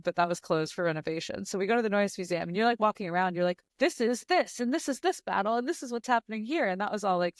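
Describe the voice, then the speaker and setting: A woman's voice: fairly low pitch, no echo. A young woman hosting a podcast, telling stories animatedly and acting out quotes. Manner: animated storyteller, acts out quotes. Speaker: podcast host. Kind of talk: casual chat.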